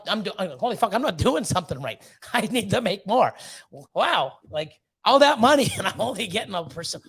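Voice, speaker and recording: Man, high voice, swooping pitch, profane excitable livestream chat. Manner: profane, excitable, jumps into high squealing bits. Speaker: livestream host.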